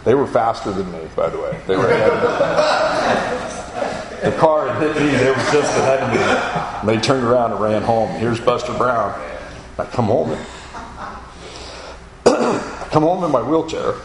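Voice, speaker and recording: A man's voice: mid-range voice, expressive, normal speed, pauses often, crowd noise. Man telling his testimony, echoey room. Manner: vivid storytelling, acting out quoted voices. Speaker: speaker giving a personal testimony. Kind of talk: spoken testimony to an audience.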